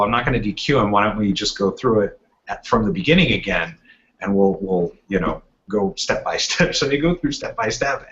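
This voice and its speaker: A man co-hosting a gaming podcast tells long, rambling anecdotes in casual chat, acting out what people said. His voice is lowish and a bit bright, and the audio is muffled and lo-fi.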